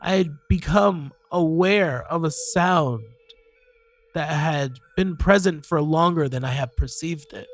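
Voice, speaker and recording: Male horror storyteller, higher voice, unhurried delivery, hesitant with sighs, dry booth sound. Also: no room sound. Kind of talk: first-person horror storytelling.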